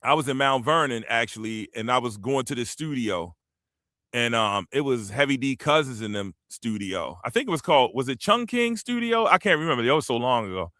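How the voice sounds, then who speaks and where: A man in his fifties from the Washington, D.C. area, telling stories in a casual panel chat, animated and slang-heavy. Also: medium pitch, fairly quick, no echo, clean studio sound. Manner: animated storyteller, slang-heavy, acts out quotes. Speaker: panel host.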